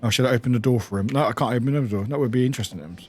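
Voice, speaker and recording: A man's voice: mid-range voice, rapid-fire, darkish tone, breathy edge. A man from the UK streaming a game, chatting casually, laughing and swearing as he plays. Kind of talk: casual live-stream commentary.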